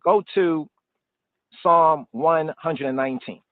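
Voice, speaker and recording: A man's voice: on the high side, slow, no room sound. A man from the United States teaching scripture on a live stream, looping and repeating himself and mixing street slang into the lesson. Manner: loose and digressive, repeating words and phrases; informal street slang mixed with scripture talk. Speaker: Bible study teacher. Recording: dry, tinny phone-like line.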